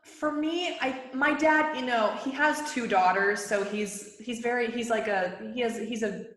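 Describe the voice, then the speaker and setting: A woman's voice: fairly high pitch, a little slow, fairly bright tone, reverberant. A woman talking casually as a podcast guest, chatty and full of fillers like "like" and "you know". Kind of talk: casual interview talk.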